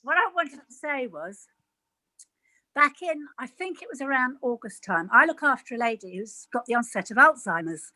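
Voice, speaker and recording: A woman's voice: high voice, expressive, moderate pace, pushed and bright, no echo, low-quality recording. A woman who works as a caregiver, earnestly telling an emotional personal story on a video call.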